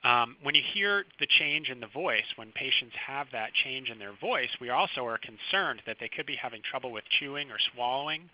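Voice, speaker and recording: A man, a physician, giving a recorded medical lecture over slides, explaining clinical signs in a calm, teaching manner. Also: mid-range voice, fairly quick, hardly any pauses. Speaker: physician lecturing first responders. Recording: dry, slightly dull close recording.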